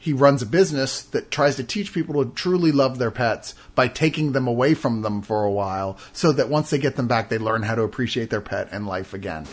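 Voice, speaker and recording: A man reviewing a film in casual chat, rambling and laughing, often swinging between hushed and excited. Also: mid-range voice, a little fast, hardly any pauses.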